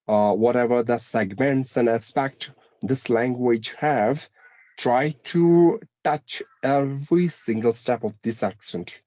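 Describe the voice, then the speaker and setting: A man with a blended Indian English accent, tinged with American and British sounds, talks at an ordinary pitch in a dry, close-sounding room. He explains things steadily, pausing often on fillers and restarting his phrases. The delivery feels like an unscripted conversation. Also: dark tone, no room sound, rough recording. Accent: Indian English, mixed with American and British. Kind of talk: casual conversational interview.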